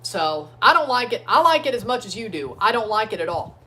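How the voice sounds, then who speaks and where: A man hosting a casual sports watchalong livestream from his phone, talking loosely and breaking into excited chants for players. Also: high-pitched, a little fast. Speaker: livestream host. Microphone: phone streaming app.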